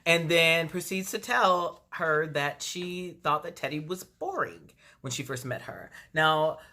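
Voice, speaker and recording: A woman recapping a reality TV episode in a casual, gossipy vlog, animated and full of acted-out quotes. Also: low voice, measured pace. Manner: chatty, gossipy, animated retelling; acts out quotes in exaggerated voices.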